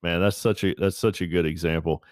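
Very deep-voiced male host, dry sound. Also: fairly even intonation, fairly quick, darkish tone, no echo. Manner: affirming, laughs easily, short agreeing replies. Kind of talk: casual interview.

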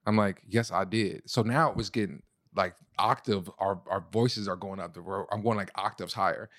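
A young man co-hosting a casual couple podcast, slangy and animated, full of "bro" and "you know what I'm saying". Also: fairly low pitch, fairly quick, dry recording, studio quality. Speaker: podcast co-host.

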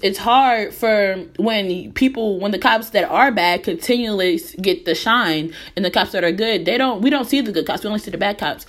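A woman's voice: medium pitch, a bit bright. Earnest young woman podcaster, emphatic. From United States. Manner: earnest, emphatic, repeats phrases for stress. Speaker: podcast host. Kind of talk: impassioned personal commentary.

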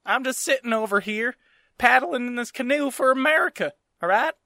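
A man's voice: extremely high pitch, lively intonation, normal speed, gravelly, bright, forceful tone, no room sound, clean studio sound, pitched above the performer's own voice, heavily acted. A man voicing a rowdy redneck frontier man in a put-on Southern US drawl, brash and slangy. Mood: rowdy defensive.

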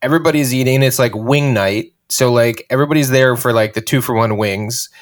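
A man, a stand-up comedian, telling stories in casual chat with animated quotes. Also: medium pitch, brisk. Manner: animated storytelling, loud acted quotes.

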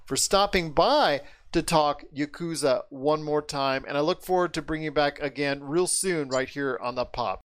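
Upbeat male podcast host from the States, fairly high voice, stretches words for emphasis. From United States. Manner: enthusiastic, drawn-out emphasis. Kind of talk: casual podcast chat.

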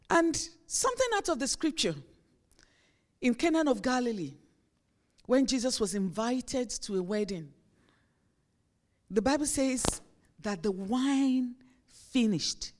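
A woman's voice: on the high side, darkish tone. Woman pastor preaching conversationally. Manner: conversational preaching with acted-out everyday examples. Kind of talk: sermon.

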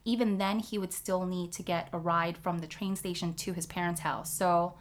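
A woman's voice: lowish voice, steady tone, normal speed, a little hiss or hum. A woman in casual chat, telling a personal story candidly and with lots of swearing and "like" fillers. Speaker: guest telling her story.

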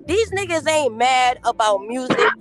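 A woman's voice: high voice, lively intonation, normal speed, faint music behind. A woman on a podcast, ranting in a brash, profane, confrontational way. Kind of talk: heated casual podcast talk.

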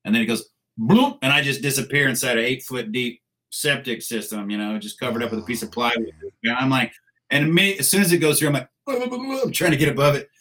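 Man, veteran guest, casual crude storytelling, animated, medium pitch. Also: quick pace, low-quality recording.

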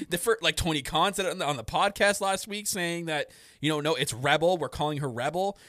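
A man hosting a casual podcast, talking in a rambling, excited way and often laughing. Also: on the high side, fast, hardly any pauses, no echo, studio quality. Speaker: podcast host. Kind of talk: casual wrestling podcast chat.

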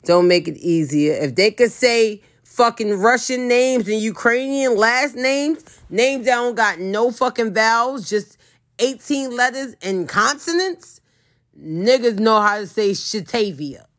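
A woman's voice: fairly high pitch, expressive, a little slow. A woman talking in a blunt, profane, emphatic casual monologue.

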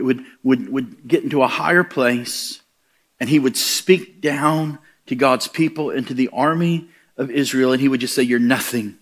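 A man's voice: medium pitch, fairly bright tone. A middle-aged man preaching a sermon, telling stories and acting out the voices he quotes, building to emphatic punchlines.

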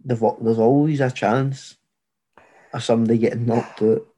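A man hosts a laid-back sports chat, his sentences wandering and stuffed with fillers. When a point is challenged he gets louder and more animated, arguing it out with his co-host. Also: mid-range voice, moderate pace, slightly rough. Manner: rambling, leans heavily on "like" as filler. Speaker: podcast host.

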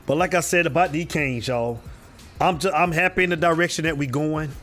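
A man's voice: on the high side, brisk, fairly bright tone, faint music behind. A man hosting a casual live stream about football, calling out viewers by name and repeating himself in a loose, drawling way. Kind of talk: casual live sports talk.

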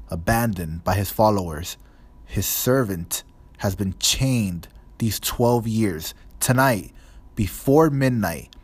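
A man voicing a female seer in a trance, speaking in a loud, harsh, slow voice quite unlike her usual one. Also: on the low side, slightly rough, no room sound.

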